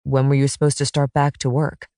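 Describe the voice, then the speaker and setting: Woman voicing a low, sincere male quarterback for an audiobook, dry close recording. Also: monotone, fairly quick, warm tone, no room sound. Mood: earnest. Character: earnest romantic quarterback man, single dad.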